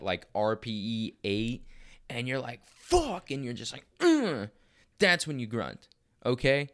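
Recording his podcast in a room at home, a young man experiments with stand-up material in a sweary, lively ramble. He restarts sentences and raises his mid-pitched, clear, resonant voice for emphasis.

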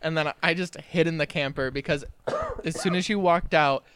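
A young man co-hosting a casual podcast, telling a childhood story with lively acted-out quotes and laughter. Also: on the high side, normal speed, clear, resonant tone. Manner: animated storyteller, acts out quoted family voices and laughs through his story. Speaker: podcast co-host.

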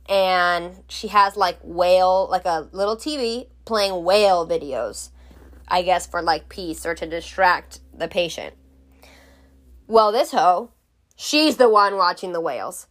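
A young woman telling a storytime vlog in a blunt, exasperated, profane way. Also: medium pitch. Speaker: vlogger.

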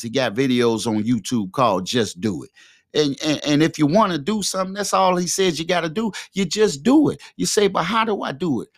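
A medium-pitched male voice, dry recording, from a podcast host speaking close to the mic in a quiet room. He preaches a fervent motivational monologue, repeating his exhortations.

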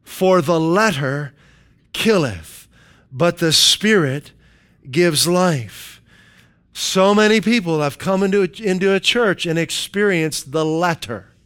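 A man preaches with a smooth, clear voice that sits a little higher than most. He takes his time, driving each point home with repetition and quoted verses. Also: takes it slowly, a bit bright. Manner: emphatic preaching with repeated phrases and scripture quotes. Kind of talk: sermon.

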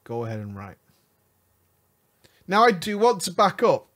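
Male streamer, lively storyteller, laughs a lot, fairly high voice. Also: a little slow. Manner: animated, laughing often, mock-scolding. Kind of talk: casual storytelling to stream chat.

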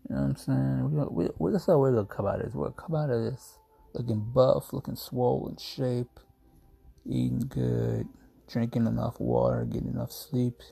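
A man's voice: medium pitch, lively intonation, brisk, vocal fry, warm tone, slightly rough. A young man hosting a casual solo podcast from home, groggy and yawning after a nap, rambling in a laid-back, jokey way. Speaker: podcast host.

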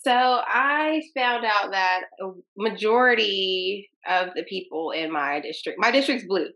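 A woman's voice: medium pitch, a little slow, gravelly. A young woman from Tennessee, a county commissioner and interview guest, telling stories casually and acting out both sides of past conversations. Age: young adult. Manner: animated, acts out both sides of conversations in quoted voices.

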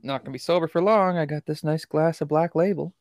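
A man co-hosting a podcast in crude casual banter, loud, laughing and swearing often. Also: fairly high pitch, fast talker, no room sound, clean studio sound. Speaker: podcast co-host.

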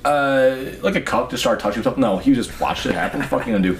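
A man's voice: medium pitch, fast, gravelly, background noise. A young man telling a long party story in casual chat, rambling and swearing as he goes. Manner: profane, rambling, animated retelling. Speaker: podcast host telling a story.

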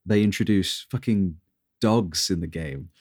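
A man's voice: deep voice, a little slow, darkish tone, breathy edge. A man chatting casually, exasperated and swearing as he acts out his reactions. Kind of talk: casual chat.

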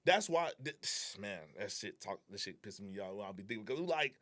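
Fast-talking young man telling a story. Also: fairly low pitch. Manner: animated, reenacting dialogue; slangy and profane. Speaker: guest. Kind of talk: casual storytelling.

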